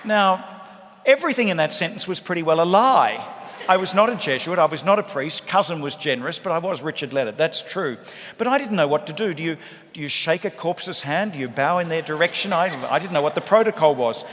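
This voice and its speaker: Priest preaching in an echoey church. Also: male voice, a little high, a little fast. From Australia. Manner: lively, humorous storytelling with acted voices. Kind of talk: sermon with storytelling. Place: large church.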